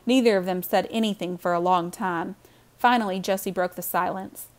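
A woman reading a children's novel aloud with warm, expressive storytelling. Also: fairly low pitch, moderate pace. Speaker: audiobook reader.

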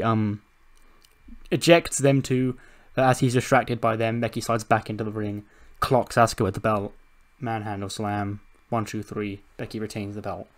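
A man host narrating a wrestling game in a casual, sweary storytelling way, laughing often. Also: on the low side. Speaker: gaming channel host. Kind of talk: casual let's-play narration.

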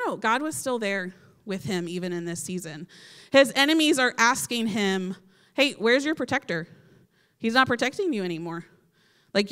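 Young woman, youth sermon, smooth voice, a little high, long hall reverb, lots of "like". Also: a bit bright. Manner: casual, filler-heavy with frequent "like". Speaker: youth speaker.

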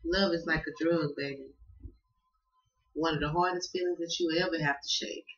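A woman's voice: sits low, steady tone, moderate pace, a bit bright. A woman from the Southern United States with a Southern accent, giving a casual tarot reading in a profane, emphatic and slangy way. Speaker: tarot card reader. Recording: dull lo-fi audio.

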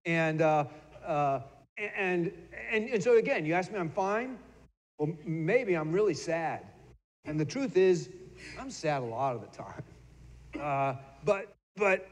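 A middle-aged man preaching a sermon in a casual, conversational way, stumbling over and repeating his words now and then. His voice sits a bit high for a man. A long church reverb trails behind every phrase. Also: lively intonation, a little slow. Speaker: pastor. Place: church sanctuary.

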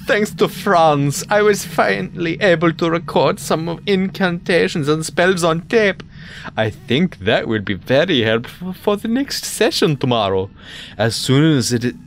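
Hammy fake german accent, some occult note guy read out by a man, slow and drawn out. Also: fairly high pitch, sing-song, slight background noise, pitched above the performer's own voice. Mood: theatrical. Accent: mock German. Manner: exaggerated, hammy reading.

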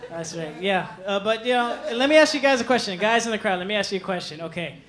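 A young man doing a stand-up comedy set on a club stage, animated, slipping into quick voices for the people he quotes, with audience laughter behind him. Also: high-pitched. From Mexican heritage. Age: young adult. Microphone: handheld stage mic.

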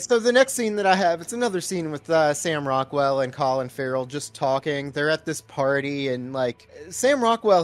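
A man co-hosting a casual movie podcast, recapping scenes in a laid-back way with some swearing. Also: a little high. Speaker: podcast co-host. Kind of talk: casual movie review chat.

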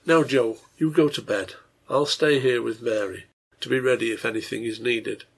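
A man reading the part of a stern, resolute mother, speaking firmly and deliberately in a gravelly, husky voice. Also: medium pitch, fairly even intonation.

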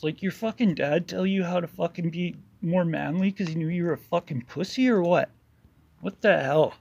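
A man's voice: fairly high pitch, creaky, darkish tone, husky, no echo. A man giving an angry, sarcastic voice-over commentary with heavy swearing, ranting about an online rival. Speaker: YouTuber narrating over a video.

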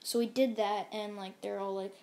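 A woman's voice: mid-range voice, little pitch movement, moderate pace, a little mellow. Rambling woman telling a fan story. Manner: rambling, full of "like" fillers. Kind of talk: casual fan-story narration.

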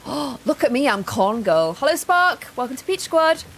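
A woman's voice: high-pitched, very animated, normal speed, creaky, a bit bright, a little hiss or hum. A woman streaming a game live, chatting casually, reading in-game notes aloud and greeting viewers in chat. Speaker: gaming streamer.

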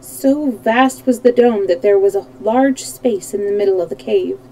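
A woman hosting a live storytime stream, reading a storybook aloud at a steady pace with small slips that she corrects. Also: mid-range voice, moderate pace, poor audio. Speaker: storytime host. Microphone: streaming mic.

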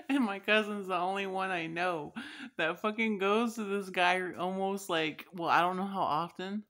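A woman's voice: lowish voice, moderate pace. Profane, laughing young woman vlogger. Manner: profane, laughing often, lively storytelling. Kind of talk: casual storytelling vlog.

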